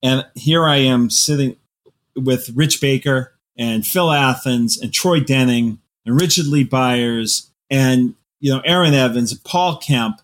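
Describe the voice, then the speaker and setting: A man talking as a novelist guest on a podcast, telling animated stories and laughing often. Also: medium pitch. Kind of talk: casual podcast conversation.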